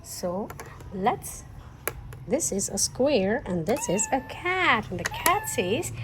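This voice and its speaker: A young woman teaching toddlers, asking questions in a slow singsong way. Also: fairly high pitch, sing-song, noisy background. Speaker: children's teacher.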